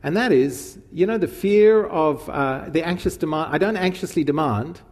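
A man's voice: a little high, moderate pace, darkish tone. A man preaching a sermon in a casual, conversational way. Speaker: pastor. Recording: long hall reverb.

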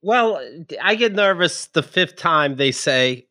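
Animated man telling a comic story. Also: a little high, unhurried, hardly any pauses, clean tone, no room sound, clean studio sound. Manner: animated, laughs often, acts out dialogue. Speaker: podcast co-host. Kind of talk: comedic storytelling.

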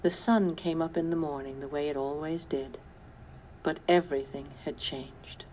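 Low-voiced woman reading a story. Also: a little hiss or hum, poor audio. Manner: calm, measured storytelling. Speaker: storybook reader. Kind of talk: scripted narration.

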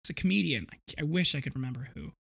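A man's voice: a little high, animated, fast, gravelly, fairly bright tone, slightly rough. A man in his thirties hosting a podcast, telling a rambling, vivid story with frequent restarts. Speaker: podcast host. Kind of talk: casual storytelling monologue.

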